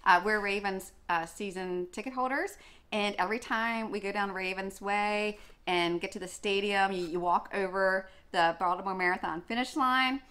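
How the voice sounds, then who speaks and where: A woman's voice: mid-range voice, normal speed, a bit bright, clear, resonant tone. A young woman vlogging in a casual, chatty way, gushing, with many fillers and restarts. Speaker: running vlogger. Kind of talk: casual chat.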